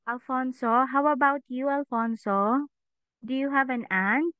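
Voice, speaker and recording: A woman's voice: high voice, unhurried, clean tone, no echo. Woman teacher over thin phone-like audio. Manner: patient, asks questions, says "okay" often. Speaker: English teacher. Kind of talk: online class teaching children. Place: online class over a video call. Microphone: video call microphone.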